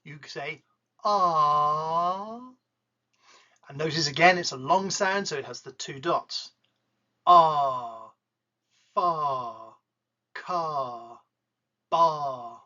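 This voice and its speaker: Jokey English pronunciation teacher, slow and bright. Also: medium pitch, muffled recording. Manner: jokey, demonstrates sounds with exaggerated vowels. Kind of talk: playful pronunciation lesson.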